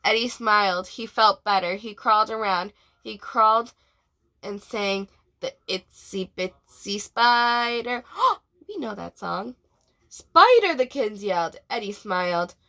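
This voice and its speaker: A woman, a preschool teacher, reading a storybook aloud to children in an expressive way and asking them questions. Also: medium pitch, a little slow.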